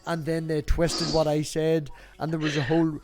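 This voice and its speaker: An Irish man hosting a casual streamed group chat, protesting loudly and laughing along. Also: fairly high pitch, flat delivery, moderate pace, a loud crowd. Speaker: channel host.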